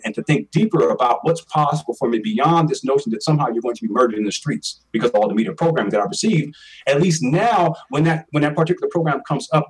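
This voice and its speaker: A man's voice: on the high side, husky, distant mic, poor audio. A man in his forties telling a personal story as an interview guest, earnest and emphatic, often repeating his words. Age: 40s.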